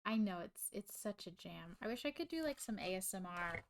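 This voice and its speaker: A woman's voice: mid-range voice, lively intonation, fairly quick, a little hiss or hum. A young woman, livestreaming casually while she studies, rambling to her chat and reading notes aloud into a desk microphone. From Australia.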